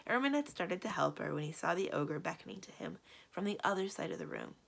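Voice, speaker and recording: A woman librarian reading a children's book aloud in an expressive storytelling voice. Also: fairly low pitch, quick pace, creaky, husky. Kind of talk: children's read-aloud narration.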